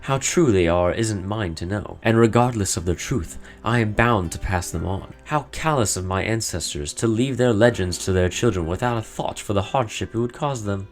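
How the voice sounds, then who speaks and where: A man's voice: fairly low pitch, normal speed, hardly any pauses, soft background music, natural voice. A man voicing a stern elderly woman who keeps old legends, reading game dialogue aloud in a solemn, formal, cryptic manner.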